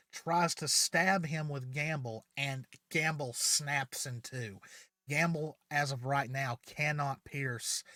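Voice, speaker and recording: A man's voice: on the high side, fairly bright tone, dry recording, studio quality. A man hosting his channel, casually retelling a fan story with many fillers.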